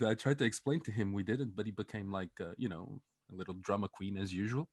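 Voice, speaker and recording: A man's voice: lowish voice, animated, fairly quick, dry recording, studio quality. A young man co-hosting a podcast, telling a story in a casual, comedic way, swearing a lot, laughing often and acting out the lines of the people in it. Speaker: podcast co-host.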